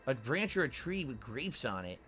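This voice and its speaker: A man's voice: mid-range voice, big pitch swings, normal speed, pushed and bright, faint music behind. A man livestreaming a video game, chatting playfully and commenting on what he sees. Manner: chatty, playful, thanks viewers. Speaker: game streamer.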